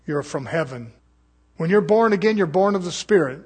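A man with a high, husky voice preaches to his congregation. He delivers the sermon fervently, firing rhetorical questions at the pews. His voice has a breathy rasp to it. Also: lively intonation, moderate pace, darkish tone. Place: church service.

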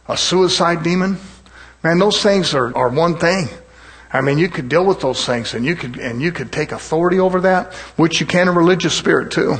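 A man preaching a sermon in a fervent cadence, punctuating it with amens and hallelujahs, slowing down low on scripture lines. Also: a bit bright.

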